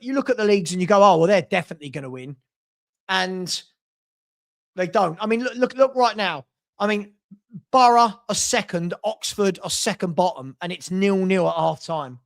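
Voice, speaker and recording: A man's voice: high-pitched, lively intonation, moderate pace, creaky. A middle-aged man from South London with a London accent, hosting a casual live-stream football chat and reading out scores and viewer messages.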